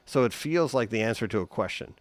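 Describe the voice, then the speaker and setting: A man giving a relaxed, chatty guitar lesson on a live stream, humming note sounds as he explains. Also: mid-range voice, a little fast, no room sound. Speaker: guitar teacher.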